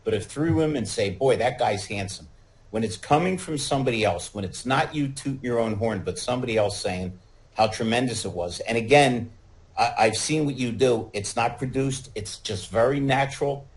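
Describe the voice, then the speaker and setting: A man's voice: mid-range voice, moderate pace, rough recording. Joking man in casual podcast chat. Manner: joking, storytelling, animated asides.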